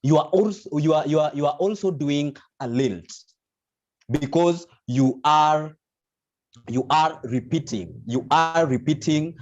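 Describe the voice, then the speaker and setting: A man's voice: on the high side, measured pace, darkish tone. A man teaching an online vocal lesson, explaining patiently with many restarts. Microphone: video call. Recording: dull lo-fi video call audio.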